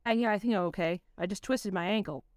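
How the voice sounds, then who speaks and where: A woman voicing a frightened teenage girl in a spooky story, in a high and anxious way. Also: fast, a little mellow, no echo, clean studio sound, close to an everyday voice. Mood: shaken.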